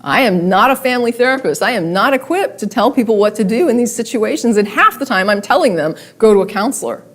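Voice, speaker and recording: A woman giving a public talk, speaking conversationally with wry asides and animated emphasis. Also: on the high side, fast talker, few pauses. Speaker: guest speaker. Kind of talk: public talk with read-aloud letters.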